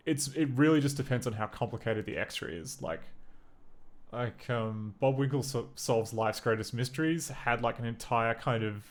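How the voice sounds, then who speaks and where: A man with a slightly gravelly, mid-range voice talks through his code on a live stream. He mutters, backtracks and corrects himself, thinking aloud in a relaxed, conversational way. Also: mid-range voice. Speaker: livestream programmer. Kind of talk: casual live coding commentary.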